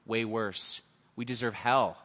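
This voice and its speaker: A man preaching a sermon as pastor, animated and acting out the voices of characters in his stories. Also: lowish voice, slow. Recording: long hall reverb, dull lo-fi sound.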